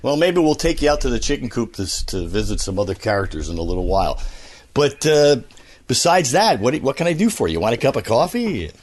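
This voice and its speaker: A man's voice: mid-range voice, very animated, fairly quick. A man chatting as a radio interview guest, joking and rambling. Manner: joking, rambling, full of voices. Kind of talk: casual interview chat.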